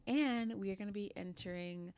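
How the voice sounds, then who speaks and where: A woman's voice: medium pitch, normal speed, darkish tone, smooth, dry recording. A woman in her twenties giving a chatty, opinionated recap of a reality show, with plenty of casual fillers. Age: 20s.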